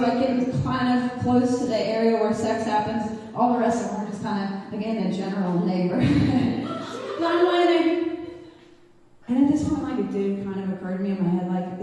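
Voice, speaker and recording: A woman's voice: mid-range voice, moderate pace, dark tone, recorded from a distance. A young woman performing a stand-up set, telling a crude story candidly and laughing often. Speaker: stand-up comedian. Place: comedy club stage. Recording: roomy reverb, mic heard from afar.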